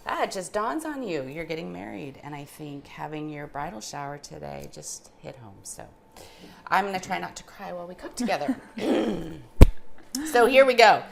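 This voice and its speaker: A woman's voice: sits low, lively intonation, a little fast, vocal fry, a little hiss or hum. A middle-aged woman chatting casually as she demonstrates a recipe in her home kitchen. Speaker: cooking show host.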